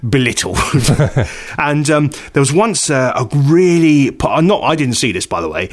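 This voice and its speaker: A man co-hosting a casual radio chat show, telling animated stories and acting out the quotes. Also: medium pitch, unhurried. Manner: animated storyteller, acts out quotes. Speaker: radio co-host.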